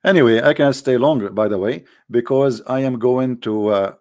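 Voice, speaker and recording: A man's voice: medium pitch, normal speed, a little mellow. A man delivering a solo commentary monologue with a sarcastic, emphatic manner, speaking English with non-native grammar. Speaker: online debater.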